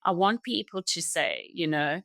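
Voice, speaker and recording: Earnest middle-aged woman, low and dry. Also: lively intonation, gravelly, a bit bright, no room sound. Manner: earnest, halting, with many restarts. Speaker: podcast guest. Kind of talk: reflective personal conversation.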